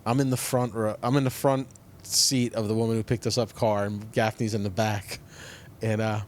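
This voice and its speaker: A man's voice: lowish voice, level tone, normal speed, slight background noise. A man with a New Jersey accent, a comedian co-hosting a podcast, telling a story in a rambling way full of fillers and restarts. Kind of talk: casual storytelling chat.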